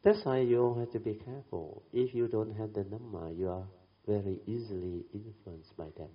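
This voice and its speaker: A deep-voiced middle-aged man teaching as a Buddhist speaker, relating a family episode with many "you know" tags and bursts of laughter. The recording sounds dull and lo-fi. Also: fairly even intonation, normal speed. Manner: chatty, tag questions, laughs while telling. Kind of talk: storytelling Dhamma talk.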